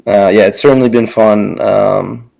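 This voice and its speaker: A young man hosting a relaxed casual chat, talking loosely with a lot of um and you know. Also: fairly low pitch, a little slow, vocal fry, low-quality recording. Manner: relaxed, many fillers and restarts.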